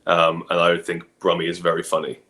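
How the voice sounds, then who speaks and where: A middle-aged man, a film director, talking in a relaxed, thoughtful way as an interview guest. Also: low voice, a little fast. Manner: relaxed, thoughtful, many ums and you-knows. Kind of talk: casual interview chat.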